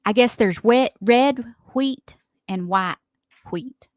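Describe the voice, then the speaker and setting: A woman with a Southern American accent and a slightly high voice speaks slowly on a morning radio show she co-hosts. The studio-quality recording has no echo, and she tells stories chattily, laughing often in casual banter.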